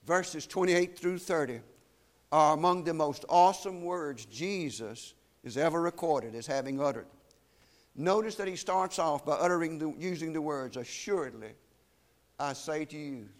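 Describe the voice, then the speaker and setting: Male preacher, slightly higher voice, solemn and emphatic, slows for weighty lines. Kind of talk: sermon.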